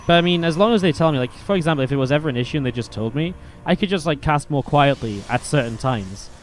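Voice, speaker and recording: A man's voice: on the high side, expressive, quick pace, slight background noise. A man streaming and casting a strategy game, chatting casually at a desk microphone. He rambles and swears freely, with lots of filler words. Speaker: StarCraft caster and streamer. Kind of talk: casual stream chat over game commentary.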